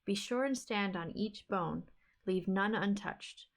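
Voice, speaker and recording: A woman's voice: mid-range voice, slow. A woman voicing a young giant's daughter who is an earnest, resolute helper, read aloud from a fairy-tale book. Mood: urgent. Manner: earnest, urgent commands.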